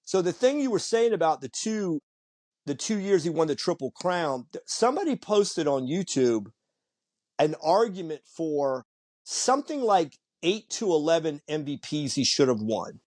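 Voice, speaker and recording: At a moderate pace and a higher-than-average pitch, a man shares stories as a podcast guest. The talk is casual, and he animatedly acts out the voices of people he's quoting.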